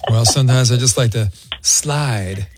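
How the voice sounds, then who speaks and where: A man's voice: medium pitch, measured pace, music in the background. A middle-aged man hosting a radio show, teasing and joking with a caller and his co-hosts. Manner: playful, teasing, self-mocking. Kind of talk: joking morning-show banter.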